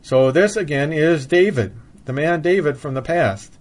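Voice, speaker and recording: Casting: male Bible teacher, slightly higher voice, reads scripture and then explains it. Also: unhurried. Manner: reads scripture aloud in King James wording, then explains it plainly. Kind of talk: expository sermon with scripture reading.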